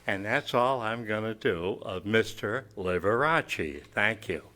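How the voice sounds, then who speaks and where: A man's voice: lowish voice, animated, unhurried, bright, forceful tone, voice pushed down. A man doing a stage impression of a flamboyant male piano showman, with jokey patter and puns. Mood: playful. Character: flamboyant showman pianist, male, playful and camp.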